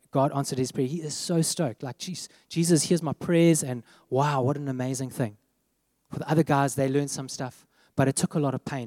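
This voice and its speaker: A man telling a lively personal story as part of a sermon, acting out the voices of the people in it. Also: medium pitch, no echo, clean studio sound, big-room sound. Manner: animated storytelling, acts out quoted voices. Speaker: preacher.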